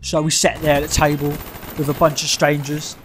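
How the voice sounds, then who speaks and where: A young man delivering a crude, sweary comedic rant, mocking people and bursting into shouts. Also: a little high, monotone, a little fast, faint music behind. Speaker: gaming channel ranter.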